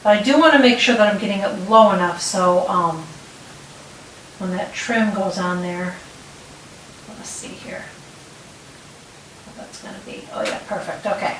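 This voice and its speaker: A middle-aged woman hosts a relaxed hands-on tutorial, chatting as she works and often pausing to check in. Her voice sounds set back from the mic in a roomy space. A faint hiss sits under it. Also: medium pitch, distant mic. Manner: chatty, talks while working, frequent restarts and "okay?" check-ins. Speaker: DIY tutorial host. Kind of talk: casual step-by-step demonstration.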